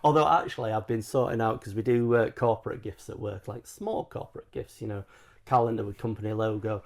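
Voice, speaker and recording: Jokey podcast co-host. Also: male voice, on the low side, a little fast, gravelly. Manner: jokey, tells stories in a relaxed banter. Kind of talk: casual chat.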